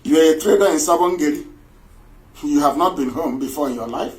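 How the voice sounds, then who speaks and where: A man's voice: on the high side, a little fast, rough recording. A man giving an impassioned live radio broadcast, scornful and mocking and repeating himself for emphasis. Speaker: political broadcaster.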